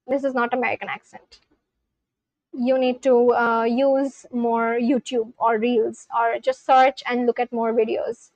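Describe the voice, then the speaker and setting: A woman's voice: sits high, dry recording, low-quality recording. A young Indian woman with an Indian English accent, a native Marathi speaker, chatting casually on a livestream and answering her chat with lots of ums and likes. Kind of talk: casual live-stream chat.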